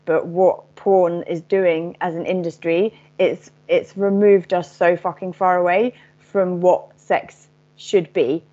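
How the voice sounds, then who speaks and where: Blunt spiritual lady, kinda low flat voice, muffled lo-fi audio. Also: slow. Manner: candid, frank, swears casually. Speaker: channeler. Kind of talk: casual spiritual talk.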